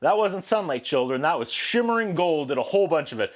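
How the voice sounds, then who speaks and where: A man in his thirties hosting a comedic movie review, sarcastic and animated, acting out the characters' lines as he recaps. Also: a little high, a little fast. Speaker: host of a movie review show.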